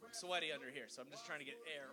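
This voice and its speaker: A man's voice: a little high, very fast, over music. A man hosting a live comedy competition, crude, loose and teasing.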